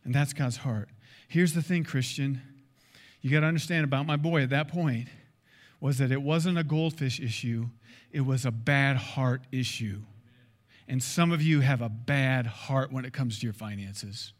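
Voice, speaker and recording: A man in his fifties, a pastor preaching a sermon in an emphatic, animated way, acting out dialogue. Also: medium pitch, moderate pace.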